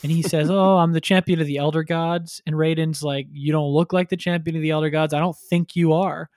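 Man, high voice, dry close sound, casual storytelling, acts out characters, crude jokes. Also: fairly even intonation, fairly quick, a little mellow, no echo. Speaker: podcast co-host retelling a game story. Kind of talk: casual chat.

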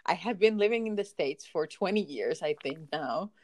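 A woman's voice: on the low side, lively intonation, moderate pace, a little mellow. A woman with a foreign accent hosting a casual podcast chat, upbeat and giggly, often trailing off mid-sentence. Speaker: podcast host.

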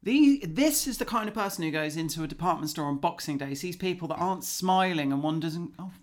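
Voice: mid-range voice, animated, brisk. A co-host of a podcast in casual comedic chat, blunt, sweary and sarcastic.

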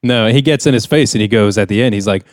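A man's voice: fairly low pitch, fast, dry recording, clean studio sound. A young man co-hosting a casual podcast, recapping a sitcom episode in a rambling way and acting out the characters' lines. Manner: rambling storyteller, acts out characters' lines with raised voice. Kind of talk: casual chat.

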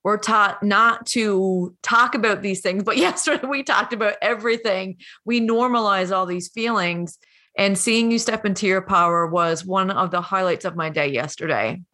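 A woman's voice: medium pitch, normal speed. A woman who coaches and hosts, speaking emotionally and encouragingly to a guest, near tears at times. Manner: warm, encouraging, tearful at times. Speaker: coach and host. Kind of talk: emotional conversation.

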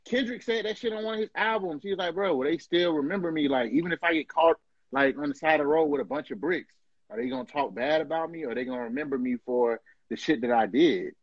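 A man's voice: on the high side, animated, fast, no echo. A man co-hosting a casual podcast chat, slangy and emphatic. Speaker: podcast co-host. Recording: dull dry lo-fi recording.

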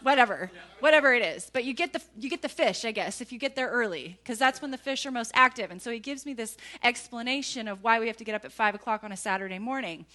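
A woman preaches to a congregation, telling a personal story with animated, emphatic asides. Her voice sits a little high and sounds bright and forceful. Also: quick pace, hardly any pauses.

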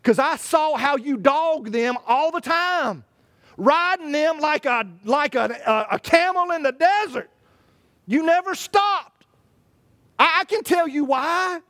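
A man preaching a sermon in an animated way, stammering and restarting, and acting out the voices he quotes. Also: very high-pitched, takes it slowly. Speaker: pastor.

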